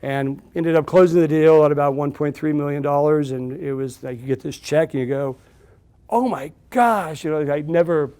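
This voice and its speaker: A man telling a story to a live audience at an event, acting out the dialogue with lively restarts. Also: fairly high pitch, a little fast, few pauses, smooth. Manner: animated storyteller, acts out dialogue, frequent restarts. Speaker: entrepreneur speaker at a live event.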